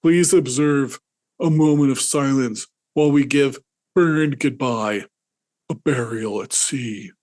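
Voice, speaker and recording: A man voicing a boy who acts like a grave soldier, speaking in a mock-solemn, deadpan way. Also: medium pitch, slow, close to an everyday voice.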